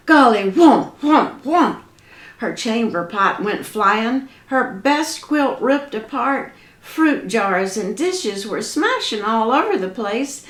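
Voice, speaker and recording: A woman telling a folk tale in a lively, dramatic, folksy way. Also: a little high. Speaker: storyteller. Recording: echoey room.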